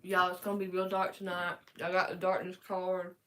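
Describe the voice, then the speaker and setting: A woman's voice: lowish voice, completely flat delivery, fairly quick, a bit bright. A woman chatting casually on a live stream, easygoing and joking.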